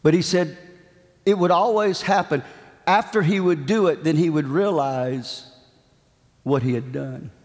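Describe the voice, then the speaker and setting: A man's voice: fairly high pitch, a little slow, long pauses. Man preaching in a reverberant hall. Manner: dramatic, emphatic preaching cadence with repetitions. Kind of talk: sermon with storytelling.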